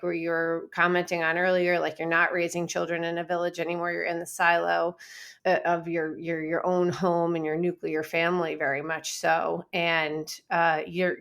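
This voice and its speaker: This is a woman with a lowish voice and a gravelly, fry-heavy edge. She chats as a podcast guest, frank and profane, and trails through loose "like" and "you know" fillers. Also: a bit bright. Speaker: guest, parenting content creator. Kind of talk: casual podcast chat.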